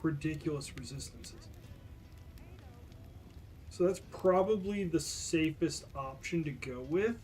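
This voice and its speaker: Slow, muttering gaming streamer. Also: medium pitch, darkish tone. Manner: thinks aloud while browsing gear. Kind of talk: casual gaming stream commentary.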